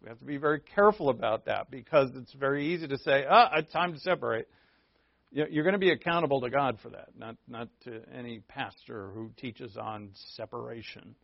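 A man teaching a Bible class in a conversational way, stressing points by repeating them and often pausing on fillers. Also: mid-range voice, gravelly, dry recording. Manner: conversational, repetitive emphasis, frequent fillers. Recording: dull, dry, lo-fi recording.

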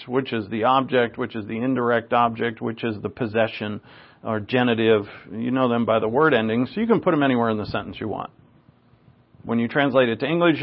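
A man teaching verse by verse from the Bible, stressing key words and often clearing his throat. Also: mid-range voice. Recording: slightly dull lo-fi sound.

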